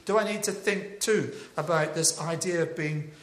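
Male preacher, fairly high voice, chatty storytelling sermon, echoey hall, faint background hum. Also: normal speed. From England (Devon). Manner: chatty, anecdotal, with animated rises.

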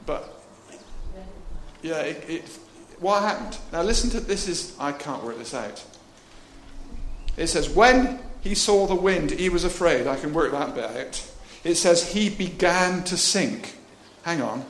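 Male preacher, lively jokey sermon, fairly high voice, roomy hall sound. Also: unhurried, a little hiss or hum. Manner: jokey, chatty, laughs while preaching, acts out voices. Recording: echoey room with faint ambience.

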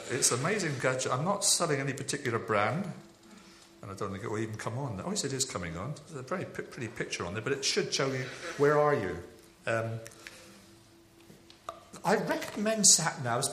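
A man from Devon, preaching a sermon in a chatty, anecdotal way with animated rises. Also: medium pitch, brisk, slight background noise. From England (Devon). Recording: echoey hall with faint ambience.

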